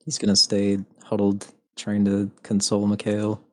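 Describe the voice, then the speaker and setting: A young man player in a tabletop game, joking and talking in quick laughing bursts. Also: on the low side, monotone, dry recording. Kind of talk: casual tabletop game chat.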